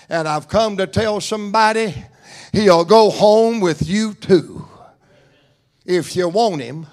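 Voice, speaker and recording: Fervent high-voiced preacher. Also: male voice. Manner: fervent preaching with rising shouts and soft drops. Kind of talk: sermon. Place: church.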